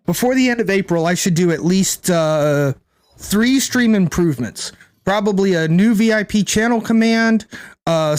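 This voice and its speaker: A man's voice: sits high, darkish tone. A man streaming a card game, rambling and thinking aloud to his chat, swearing casually. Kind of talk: casual gameplay commentary to chat.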